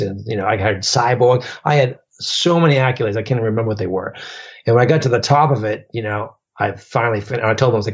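A man's voice: fairly low pitch, quick pace, muffled recording. A man telling long stories in casual chat as a podcast guest, rambling with many fillers and restarts.

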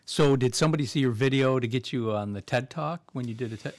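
A man interviewing a guest, asking questions in an admiring, slightly halting way. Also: medium pitch, darkish tone, dry recording.

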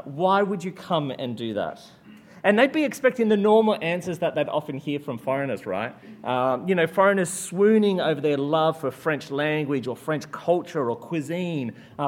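Man preaching a chatty, storytelling sermon. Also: a little high. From Australia. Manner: conversational storytelling with frequent "uh" fillers; hushed, slow prayer. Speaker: guest preacher.

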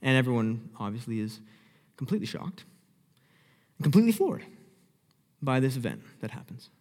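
A young man preaching a sermon, telling the story vividly and acting out the scenes, dropping from loud to hushed. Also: medium pitch, sing-song, moderate pace. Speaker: pastor. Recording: long hall reverb.

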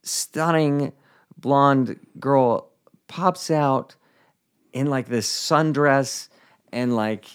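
A man who is a comedian guest, telling a story in an animated, comic way. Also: mid-range voice, extremely slow, clean tone. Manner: lively storyteller, acts out voices with laughs.

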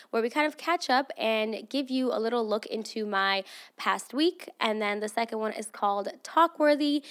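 A young woman hosts her own podcast in a loose, chatty way, her fairly high voice stuffy and nasal from allergies. She swears freely and teases her listeners with animated, scolding banter. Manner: profane, animated, playfully scolding. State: congested from allergies. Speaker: podcast host. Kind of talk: casual chat.

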